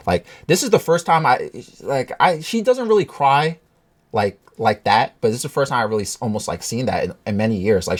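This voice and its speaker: A man's voice: mid-range voice, husky. An emotional, upset man telling a personal story to his viewers in a casual, rambling, agitated way. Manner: agitated, rambling, restarts often.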